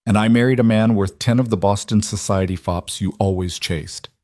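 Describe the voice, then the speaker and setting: A man voicing a calm, firm frontier schoolteacher woman. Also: sits low, moderate pace, dry recording, studio quality, natural voice.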